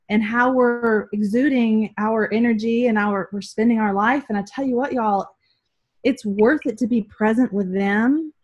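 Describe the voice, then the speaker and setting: A woman's voice: medium pitch, a little mellow, slightly rough. A woman sharing a sincere story about growing up with her mother, speaking on a video call. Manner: sincere and reflective, addresses listeners as y'all. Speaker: daughter and business leader on a video call. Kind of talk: heartfelt testimony.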